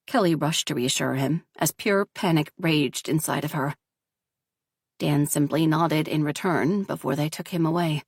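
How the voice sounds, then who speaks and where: Low husky woman narrating a story. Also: measured pace, dry recording, studio quality. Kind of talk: scripted audiobook narration.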